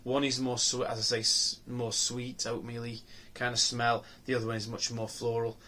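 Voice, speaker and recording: A man in mid-range pitch talks through a beer tasting on his own show. He rambles and muses aloud, trailing off, restarting and asking himself questions as he sniffs and sips. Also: completely flat delivery, normal speed, pushed and bright. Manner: rambling, musing, lots of ums and restarts. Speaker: beer reviewer. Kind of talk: casual review monologue.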